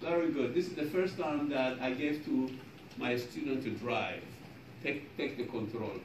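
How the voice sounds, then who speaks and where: In a noisy, echoey classroom recorded from afar, a male programming professor speaks at a moderate pace in a mid-range voice. His English is non-native and broken as he teaches and trades jokes with students.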